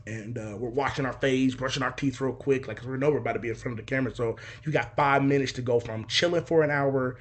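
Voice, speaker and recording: Young guy telling a story, cussing a lot, doing voices and sound effects, mid pitch. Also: quick pace, few pauses. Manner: animated, profane, acts out voices and sound effects. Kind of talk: casual storytelling.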